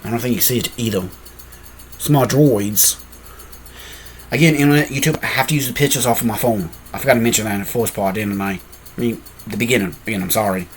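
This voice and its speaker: A man's voice: on the low side, fast, a little hiss or hum. A man casually telling a fan-made story, rambling and often correcting himself with apologetic asides.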